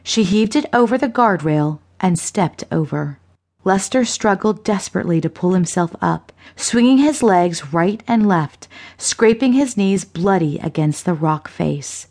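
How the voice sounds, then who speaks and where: A woman narrating a suspense thriller audiobook in a measured, unhurried reading. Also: medium pitch, expressive, darkish tone.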